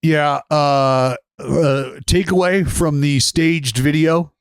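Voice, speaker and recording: A man's voice: on the high side, steady tone, slow pace, clear, resonant tone, no room sound, clean studio sound. A man in his thirties talking on a casual podcast, blunt and profane, telling stories with heavy emphasis. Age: 30s.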